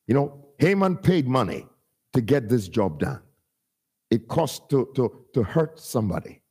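Male pastor, husky voice, chanting sermon delivery with wide swings in pitch, rising to shouts and dropping to murmured scripture quotes. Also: sing-song, measured pace. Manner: sing-song preaching cadence, rising to shouts and dropping low when quoting scripture.

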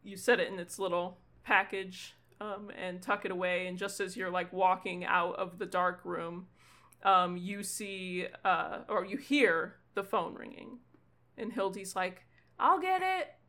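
Bright-voiced woman game master. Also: lowish voice, level tone. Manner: chatty, lots of ums, quick laughs. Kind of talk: narrating a tabletop game.

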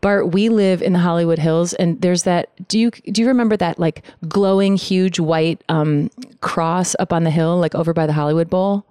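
A woman chatting casually on a podcast, telling stories with frequent laughter and quick asides. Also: fairly low pitch, fairly even intonation, warm tone, clear, resonant tone, no room sound, clean studio sound. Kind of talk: casual chat.

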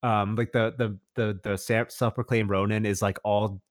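A man's voice: lowish voice, flat delivery, normal speed, no echo, studio quality. A man in casual chat, recommending a show with rambling enthusiasm, full of restarts and fillers.

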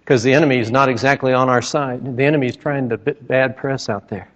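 A man's voice: mid-range voice, fairly even intonation, quick pace, a bit bright. A man preaching a sermon, telling stories with dramatic retellings and emphatic outbursts. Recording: echoey hall, dull lo-fi sound.

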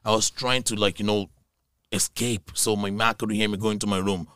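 A man from Nigeria telling stories in a casual podcast chat, animated and laughing often. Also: on the low side, brisk, clean tone, no echo, clean studio sound. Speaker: guest comedian.

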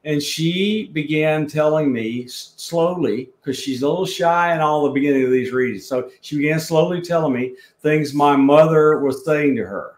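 A man with a South Alabama Southern accent, telling a story as a guest in an unhurried, rambling way. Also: on the high side. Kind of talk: storytelling in a podcast chat. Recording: roomy echo.

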